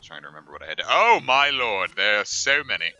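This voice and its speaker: Sharp-voiced, rambling joking male streamer. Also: on the low side, sing-song, quick pace, no echo, dull audio, soft background music. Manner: joking, rambling asides with many fillers. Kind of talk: casual gameplay commentary.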